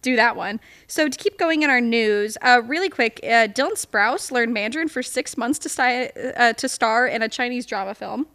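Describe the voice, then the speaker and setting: A young woman co-hosting a podcast in a loose, gossipy chat, with quick asides and plenty of laughter. Her voice sits high and has a bright, forward edge. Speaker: podcast co-host. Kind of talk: casual chat.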